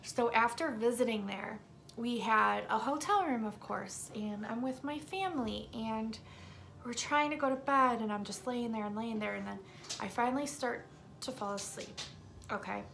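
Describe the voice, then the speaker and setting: A woman vlogger with a sore throat, telling a story to her viewers in an emphatic, casual way and sometimes dropping into a hushed whisper. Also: a little high, normal speed, gravelly, a little hiss or hum.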